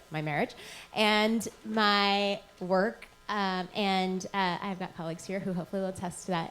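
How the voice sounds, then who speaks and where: Chatty woman host wrapping up an event. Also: on the low side. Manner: chatty, thankful, with many fillers. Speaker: host and moderator. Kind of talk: closing remarks at a live event.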